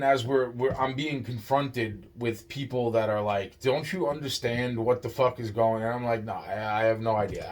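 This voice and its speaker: A man's voice: medium pitch, fairly bright tone. Rambling, profane male storyteller. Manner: profane, rambling, full of restarts and "it's like".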